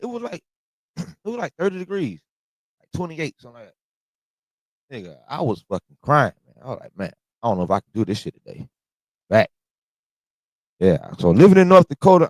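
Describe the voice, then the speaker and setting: This one is a dry recording of a man whose voice runs a little high. He's still recovering from a cold as he hosts a reaction video, tossing out slang, laughing, and griping theatrically about his illness.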